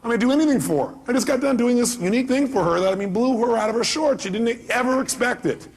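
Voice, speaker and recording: A man's voice: extremely high pitch, quick pace, creaky, slightly rough. A middle-aged man giving a live seminar talk as a motivational speaker, emphatic and firing rhetorical questions at the audience.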